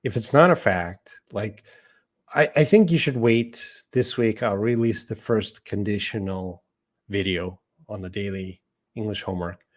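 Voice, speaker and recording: Middle-aged man, low-ish voice, casual live-stream English teacher. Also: unhurried. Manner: casual and conversational, reads viewer questions aloud and answers them. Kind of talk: live-streamed lesson answering chat questions.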